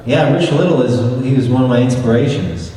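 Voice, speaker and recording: A man's voice: medium pitch, big pitch swings, fairly quick, mellow. A man, a voice actor, answering fan questions at a convention panel in a jokey, playful way. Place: large convention hall. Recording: echoey convention hall, from far off. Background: crowd.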